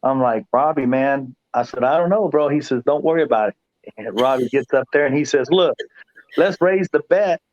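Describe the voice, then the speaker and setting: A man's voice: medium pitch, moderate pace, a little mellow, no room sound, highs cut off. A man, a guest pool player, telling a long story in casual chat, rambling and repeating himself with laughs.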